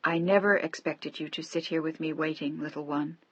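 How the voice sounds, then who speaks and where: A woman voicing a frail, bedridden elderly husband who speaks softly, wearily and tenderly. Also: low voice, fairly even intonation, moderate pace, breathy edge, dry recording. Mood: weary tender. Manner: soft, weary, affectionate.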